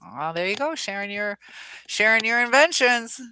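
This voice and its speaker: A woman's voice: a little high, lively intonation, moderate pace, bright, forceful tone, clear, resonant tone, dry recording. A woman hosting a casual live stream, reading viewer comments aloud and chatting back with lots of ums.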